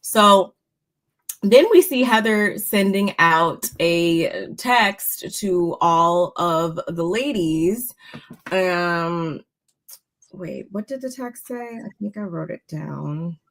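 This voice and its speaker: A woman co-hosting a casual reality-TV recap chat, relaxed and chatty with many fillers. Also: lowish voice, takes it slowly. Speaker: podcast co-host.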